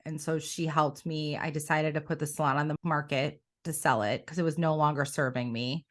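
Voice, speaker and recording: A middle-aged woman coach in a conversational interview, telling her story in an animated way and often quoting her own past thoughts. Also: low-pitched, fairly quick. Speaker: coach and academy founder.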